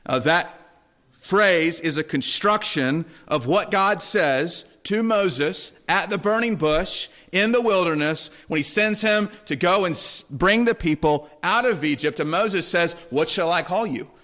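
A man preaching a sermon in a conversational way, often checking in with listeners and softening his voice for quoted words. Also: sits high, unhurried. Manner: conversational, asks the congregation "right?" often. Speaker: pastor.

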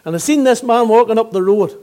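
Northern Irish male preacher, 60s, high-pitched, earnest and fervent gospel storyteller. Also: fast, dark tone. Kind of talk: gospel sermon testimony.

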